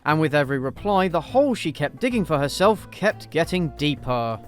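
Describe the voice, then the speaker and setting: A man's voice: fairly high pitch, big pitch swings, fairly quick, faint music behind. A man hosting a scripted commentary review, blunt, sarcastic and openly profane. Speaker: video essay host.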